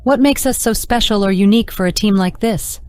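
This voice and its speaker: A woman's voice: medium pitch, brisk, a little mellow, no room sound, pitched above the performer's own voice, natural voice. A woman reading the part of a troubled young woman who questions her captor in an audiobook, in a searching, pleading way. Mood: questioning.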